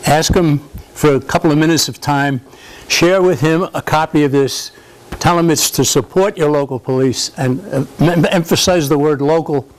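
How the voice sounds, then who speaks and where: A man's voice: a little high, a little mellow, rough recording. An older man speaking informally to an audience at a club event, rambling and conversational with frequent restarts. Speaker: speaker at a political society event. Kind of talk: informal speech to a live audience. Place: country club function room.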